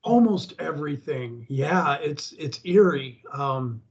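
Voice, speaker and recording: An American man with a notably high voice chats casually. He rambles, stopping and restarting his sentences as he works out what to say. The sound is muffled and lo-fi. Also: lively intonation, slow. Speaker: co-host. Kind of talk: casual chat. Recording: dull lo-fi audio.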